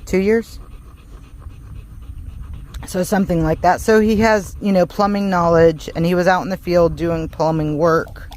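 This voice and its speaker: A woman chatting casually to camera while her husband works on the farm, talking warmly about faith and laughing often. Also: fairly low pitch, steady tone, a little slow, pauses often, a little hiss or hum. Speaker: farm vlogger.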